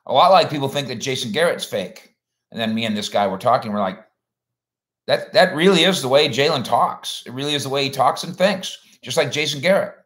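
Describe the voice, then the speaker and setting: A man's voice: mid-range voice, expressive, brisk, fairly bright tone. A man hosting a sports livestream in a rambling, folksy way, chatting casually and reading out viewer comments.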